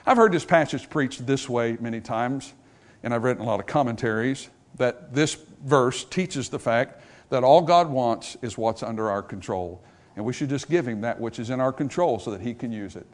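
A man preaching a revival sermon to a congregation in church, swinging from loud, rising passages to low, quiet ones and acting out small dialogues between characters. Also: normal speed.

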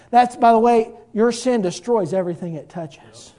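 A pastor preaches an impassioned sermon with rising and falling intensity, reading scripture aloud in archaic King James wording. His very high, mellow voice moves at a moderate pace with hardly any pauses.

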